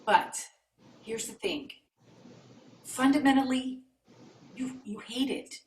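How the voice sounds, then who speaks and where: A woman's voice: high voice, slow. A woman performing an improvised scene on a video call, insistent and teasing, repeating herself. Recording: echoey room, far from the mic, faint noise.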